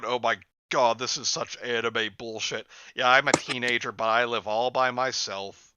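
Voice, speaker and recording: Host, male, bright tone, mocking comic story reader, lo-fi mic. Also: fairly even intonation, normal speed, clear, resonant tone, dry recording. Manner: mocking, breaks into laughter, jumps high for exaggerated lines. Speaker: host reading a story aloud. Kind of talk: comedic dramatic reading with friends.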